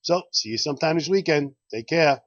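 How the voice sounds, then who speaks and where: Brief: quick, husky bar host with folksy, repetitive sales patter, recorded dull and lo-fi. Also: male voice, a little high, lively intonation, no room sound. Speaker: bar host promoting events. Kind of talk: casual promo talk and joke telling. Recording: dull lo-fi dry sound.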